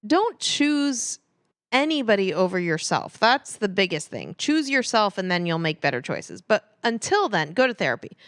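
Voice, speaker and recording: A woman's voice: medium pitch, sing-song, normal speed, dry recording, clean studio sound. A woman co-hosting a comedy podcast, talking bluntly with jokes and swearing. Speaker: podcast co-host. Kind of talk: casual comedy podcast chat.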